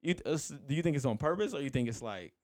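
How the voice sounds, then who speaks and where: A man's voice: mid-range voice, lively intonation, rapid-fire, no room sound. Casual young guy cohosting a podcast, rambling, laughs a lot, dry sound. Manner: laid-back, rambling, laughs easily. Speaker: podcast co-host. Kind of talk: casual chat.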